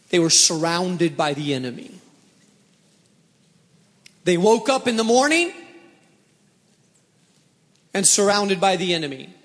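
A man's voice: sits high, a bit bright, long reverb tail. A man preaching a sermon as a pastor, telling Bible stories dramatically and asking his listeners direct questions. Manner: dramatic storytelling, acting out panicked voices; asks the congregation direct questions.

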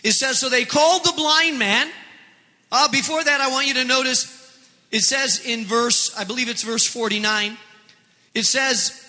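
Male pastor, high-pitched and very bright, impassioned repetitive preaching, long hall echo. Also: moderate pace. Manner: impassioned preaching, repeating phrases. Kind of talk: sermon.

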